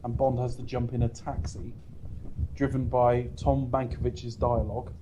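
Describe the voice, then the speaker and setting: A man's voice: mid-range voice, flat delivery, moderate pace, background noise. A man co-hosting a casual film review podcast, recapping the plot at length with dry asides. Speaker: podcast co-host.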